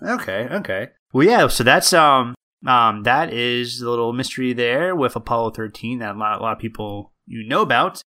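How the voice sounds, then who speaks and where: A man co-hosting a podcast chats casually, rambling with plenty of fillers and restarts. His mid-range voice is expressive, bright and forceful, moving at a moderate pace with hardly any pauses.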